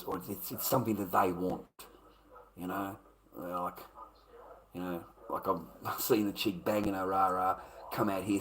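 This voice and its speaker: A man's voice: on the low side, fairly bright tone, low-quality recording. A man ranting casually to his chat, profane and repetitive, calling listeners mate and brother. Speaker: livestream host.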